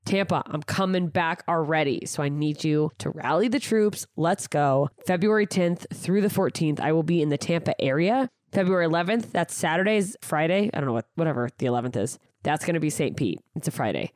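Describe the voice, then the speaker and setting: A woman's voice: sits low, lively intonation, a little fast, few pauses, a little mellow, no echo, studio quality. A woman hosting her own podcast, chatting casually and rambling through plugs and tour dates, self-deprecating and swearing freely. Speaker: podcast host and stand-up comedian. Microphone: studio microphone.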